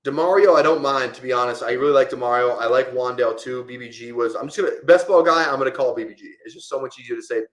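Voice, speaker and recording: A man's voice: medium pitch, quick pace, few pauses, fairly bright tone, reverberant. Chatty man streaming a fantasy draft. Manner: rambling, casual, lots of "like" fillers. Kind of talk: live-stream draft commentary.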